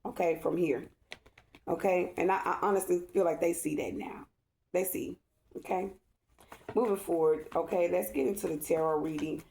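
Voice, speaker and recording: A woman tarot reader talks casually to her viewers, emphatic and repetitive, checking in with "okay?" Her voice has a gravelly fry. The sound rings in an echoey room. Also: fairly low pitch, steady tone, normal speed, mellow, slight background noise. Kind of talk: casual vlog talk to viewers.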